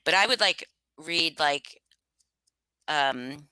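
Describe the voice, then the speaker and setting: A woman chats casually with her livestream viewers, rambling and self-conscious, full of fillers. Her voice is low but bright and forward. The tone is smooth and crisp. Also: expressive, extremely slow, no echo. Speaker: livestream host reading stories.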